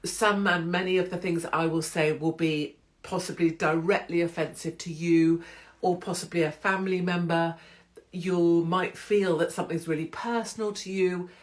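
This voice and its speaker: A woman's voice: fairly low pitch, fairly even intonation, normal speed. A woman from England with a British accent, hosting her own live stream from home in a chatty, irreverent, oversharing way. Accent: British English. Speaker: host of a live-streamed show. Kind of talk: casual live-stream chat. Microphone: phone or computer live stream.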